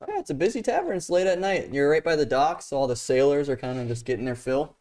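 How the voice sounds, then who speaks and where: A man acting as game master for a tabletop game describes scenes casually, rambling with plenty of "like"s and "um"s. His voice is on the high side, expressive, fast and darkish in tone.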